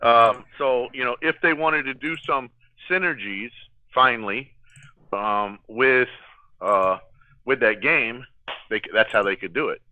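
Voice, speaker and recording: A man's voice: medium pitch, a little slow, bright, forceful tone, no echo. A man co-hosting a casual gaming livestream, talking in rambling, restarting sentences. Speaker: co-host. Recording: dry tinny phone-like line.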